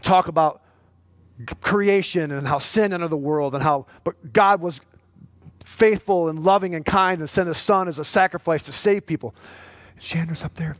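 A man preaching a sermon as pastor, swinging from hushed storytelling to loud, urgent exhortation. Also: on the high side, normal speed, dry recording.

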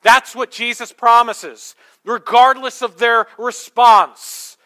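A man preaching a sermon, telling a story with sarcastic asides and moving between loud, forceful lines and quiet ones. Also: very high voice, fairly even intonation, takes it slowly. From Michigan. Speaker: pastor.

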